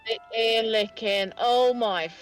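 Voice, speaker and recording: A woman's voice: on the high side, fairly even intonation, slow, faint music behind. A woman on voice chat during a game stream, teasing and crude, throwing in "darling" and "love". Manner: teasing, crude, flirty banter. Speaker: co-player on stream. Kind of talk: casual voice chat.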